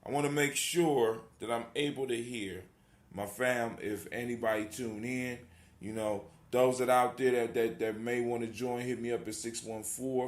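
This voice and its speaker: A man's voice: medium pitch, steady tone, normal speed, echoey room. A man hosting a call-in talk show, talking in a casual, rambling and motivational way, repeating his phrases. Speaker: host.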